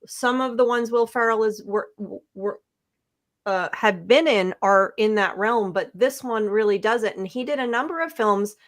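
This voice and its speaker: A woman's voice: on the high side, normal speed. A woman co-hosting a casual podcast, giving her rambling, self-correcting opinions on a comedy movie. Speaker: podcast co-host. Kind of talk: casual chat.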